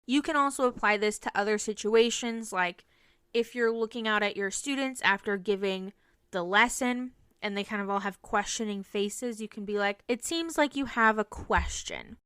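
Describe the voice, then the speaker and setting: A woman's voice: medium pitch, steady tone, moderate pace, a bit bright, clear, resonant tone, no room sound. A young woman teacher hosting a solo podcast, explaining classroom strategies in an earnest way. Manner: earnest, explanatory, demonstrates phrases.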